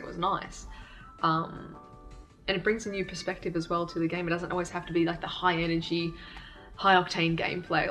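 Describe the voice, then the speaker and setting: A woman's voice: on the low side, gravelly, a bit bright. A young adult woman, talking candidly and self-deprecatingly in a casual vlog, laughing often. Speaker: YouTube creator. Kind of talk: casual reflective vlog talk.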